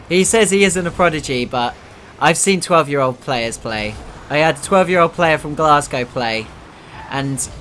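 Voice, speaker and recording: A man from the United Kingdom calls an esports match live on a headset, his voice sitting a bit high. He rattles through the play, chats between plays and bursts out loudly at each goal. A faint hiss runs behind him. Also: normal speed. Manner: excitable, jumps up loudly at goals, chatty asides. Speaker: esports caster.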